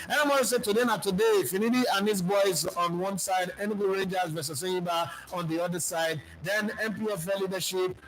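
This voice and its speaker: Emphatic high-voiced Nigerian man. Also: brisk, few pauses, noisy background. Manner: emphatic, argumentative, slips into pidgin. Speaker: football channel host. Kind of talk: live-stream football talk and comment reading.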